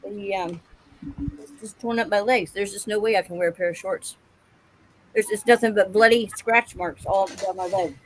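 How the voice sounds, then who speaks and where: Animated woman telling a pet story. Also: medium pitch, moderate pace, a little hiss or hum, poor audio. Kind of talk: casual livestream chat.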